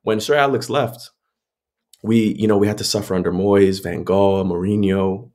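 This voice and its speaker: A man's voice: fairly low pitch, steady tone, moderate pace, a little mellow. A man co-hosting a sports podcast, giving a frustrated, opinionated fan's rant in a casual chat. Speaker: podcast co-host.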